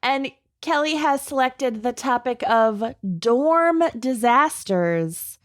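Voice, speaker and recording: A woman co-hosting a podcast, steering the segments with an unhurried dry humor. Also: high voice, expressive, no echo. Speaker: podcast co-host. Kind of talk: casual chat.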